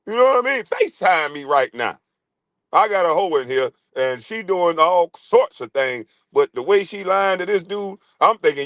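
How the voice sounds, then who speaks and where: A fairly high-voiced man with a brash, teasing way of talking, ribbing his targets and jumping into shouted squeaky impressions. His voice is close and dry, with no room around it. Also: lively intonation, moderate pace, no echo. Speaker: livestream host. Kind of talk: casual live-stream commentary.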